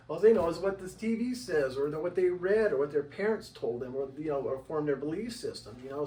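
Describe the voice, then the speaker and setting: A man from Washington State speaking as an interview guest, telling stories in a loose, rambling way full of "you know," and slipping into higher voices when quoting others. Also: a little hiss or hum. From Washington State, USA. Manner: acts out quoted voices in a higher pitch. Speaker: interview guest, tribal member. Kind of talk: rambling conversational storytelling. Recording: roomy, distant mic, faint background ambience.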